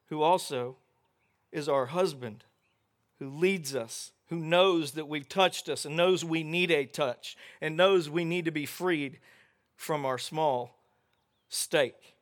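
A middle-aged male pastor preaching at an unhurried pace with a slightly high voice. He acts out the people in the Bible stories, jumping between quiet and loud. Birds and outdoor noise can faintly be heard behind him. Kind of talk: sermon. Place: outdoor gathering without a building.

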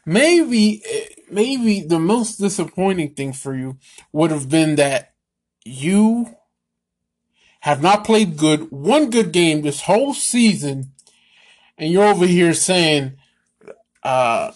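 A man's voice: sits high, sing-song, slow. A man hosting a sports show, ranting with sarcasm and exasperation about a quarterback. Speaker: sports podcast host.

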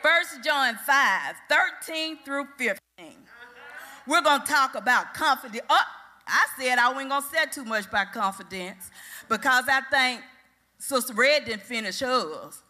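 Older woman, fervent preacher, high bright voice, hall echo, music under. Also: lively intonation, measured pace. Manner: fervent, rising to shouted praise. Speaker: church speaker. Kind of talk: sermon. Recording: echoey hall with music behind.

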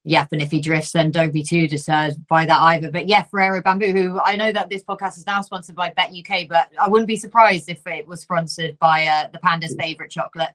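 Lively woman hosting a racing podcast. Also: on the low side, a little fast, hardly any pauses, low-quality recording. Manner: lively, laughs easily, teasing. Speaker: podcast host.

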